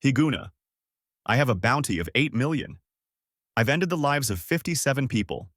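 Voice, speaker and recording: A man's voice: mid-range voice, expressive, moderate pace, fairly bright tone, no echo, studio quality. A man voicing a brutish, arrogant bandit leader who boasts and sneers.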